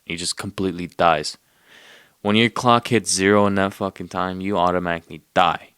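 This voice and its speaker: A man's voice: deep voice, fairly even intonation, moderate pace, a bit bright, clean tone, no room sound, studio quality. A man casually retelling a movie plot in a rambling, profane way, with streetwise slang. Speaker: podcast host.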